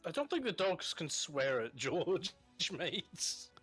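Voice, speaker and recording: A man's voice: a little high, sing-song, slow pace, a bit bright, breathy edge, faint music behind. A man playing a tabletop game, joking and giggling often. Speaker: player. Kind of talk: casual tabletop play.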